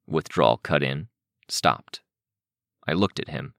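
A man narrating an audiobook in a first-person voice, even and matter-of-fact. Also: a bass voice, a little slow, creaky, dry recording, clean studio sound.

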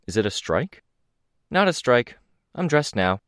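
A man reading an audiobook, voicing a brisk, cheerful and bossy young woman hero in a quick, upbeat, matter-of-fact way. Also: medium pitch, sing-song, fairly bright tone, dry recording, clean studio sound, voice pushed up. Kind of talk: audiobook character voice.

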